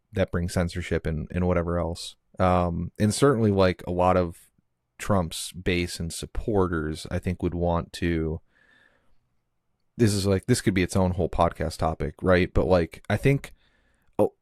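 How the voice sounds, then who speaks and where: Low-voiced rambling podcast host, a man. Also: darkish tone, no room sound, clean studio sound. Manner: rambling, heavy use of "like" and restarts. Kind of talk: casual movie podcast chat.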